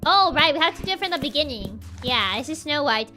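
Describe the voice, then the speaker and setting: A woman's voice: high voice, very animated, fast, music in the background. A young woman streamer telling a story on a livestream in a playful, giggly, chatty way.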